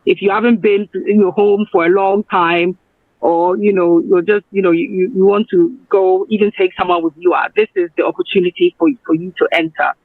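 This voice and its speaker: A man from Ghana, a guest on a radio show, talking in a halting, rambling way and often correcting himself. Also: high-pitched, fairly even intonation, no echo. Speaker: guest promoting a travel raffle. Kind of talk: phone-in radio interview. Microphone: phone. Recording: tinny phone line.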